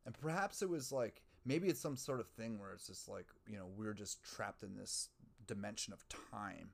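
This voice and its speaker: Rambling low-voiced man musing on a podcast. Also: normal speed, creaky. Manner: rambling, profane, self-mocking, muses aloud. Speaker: podcast host. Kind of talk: casual rambling monologue.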